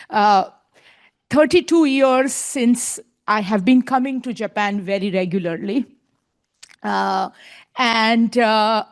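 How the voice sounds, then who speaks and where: A woman speaking as a panelist at a conference, earnest and emphatic, often adding tag questions. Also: mid-range voice. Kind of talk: panel discussion remarks.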